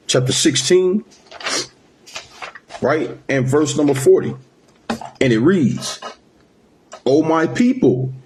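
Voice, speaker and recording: A man preaching a sermon, reading scripture slowly and then driving points home with repeated "man" and "right?". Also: on the high side, darkish tone. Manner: emphatic, ends phrases with "man" and "right?"; slows to a drawl when reading scripture. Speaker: street preacher.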